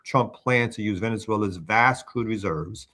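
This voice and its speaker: A man's voice: lowish voice, moderate pace, sharp tone. A man hosting a morning show, talking through a news story in an earnest, discursive way. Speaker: news commentary host. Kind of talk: political news commentary.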